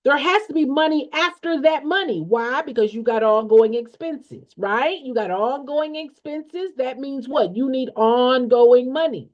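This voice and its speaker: A woman with a high-sitting voice speaks a little slowly and rarely pauses, coaching an audience on nonprofit funding in emphatic, motivational fashion. She's blunt and preachy, repeating her points and tossing out rhetorical questions in folksy, slangy language. The recording sounds dull and lo-fi.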